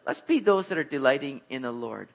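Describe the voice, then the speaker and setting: A man's voice: medium pitch, expressive, fairly quick, vocal fry. A man preaching a conversational sermon, mixing jokes with emphatic exhortation. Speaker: pastor.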